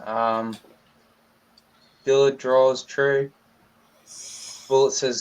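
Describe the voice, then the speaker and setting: A man's voice: medium pitch, expressive, unhurried, long pauses, a bit bright, dull audio. A man with an Australian accent co-hosting a casual livestream, teasing the others and reading chat comments aloud.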